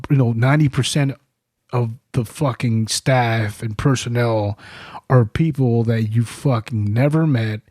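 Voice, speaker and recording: A man's voice: mid-range voice, darkish tone, dry recording, studio quality. A man, a military veteran guest on a podcast, telling his stories in a blunt, profane and emphatic way. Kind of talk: casual podcast chat. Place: studio.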